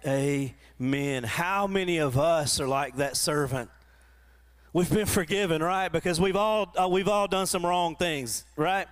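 A man preaching a sermon to his church, often repeating and restarting words, and rising into animated quoted voices. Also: a little high, measured pace. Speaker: pastor. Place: church in front of a congregation.

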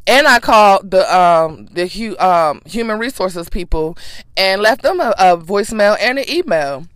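A woman's voice: mid-range voice, animated, unhurried, a bit bright, no echo. Woman podcaster ranting about her day, sassy and cussing a lot, mid voice, dry sound. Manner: profane, sassy, emphatic. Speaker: podcast host. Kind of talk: casual storytelling.

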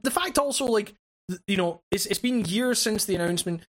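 A co-host chats about games, hesitant and full of stammered restarts, with casual swearing along the way. The voice sits at a middle pitch for its register. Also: animated, a little fast, fairly bright tone. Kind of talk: casual gaming chat.

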